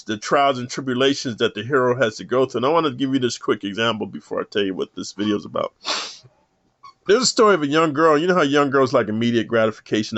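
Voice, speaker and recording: Rough-talking man in a dull, dry recording. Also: mid-range voice, a bit bright, no room sound. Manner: profane, rough street talk, says "man" constantly. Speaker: self-help vlogger. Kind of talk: rambling monologue to camera.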